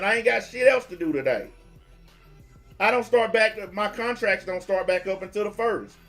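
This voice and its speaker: High-voiced blunt man ranting. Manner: blunt, mocking, confrontational. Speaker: livestream host taking calls. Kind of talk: profane livestream rant.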